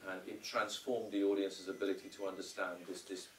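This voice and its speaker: A fairly low-pitched man answering questions after a screening, rambling through restarts and bringing quotes to life. He sounds distant in a roomy cinema hall, with faint ambient murmur. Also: fairly quick, slight background noise. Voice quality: rambling, full of restarts and hesitations. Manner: animated storyteller who acts out quotes. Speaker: film director answering audience questions.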